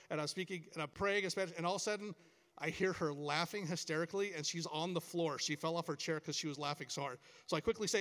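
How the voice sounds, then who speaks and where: Speaking quickly in a fairly high, fairly bright voice, a middle-aged camp staff member addresses schoolchildren at chapel. His talk is full of encouraging stories where he acts out the quoted lines, and the big hall leaves a long reverb.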